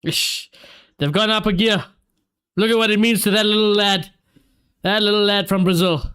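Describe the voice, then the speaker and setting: Excitable high-voiced streamer. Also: male voice, normal speed, clean tone. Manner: excitable, reacts to play and reads viewer comments aloud. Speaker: streamer hosting a match watchalong. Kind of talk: live football watchalong reaction.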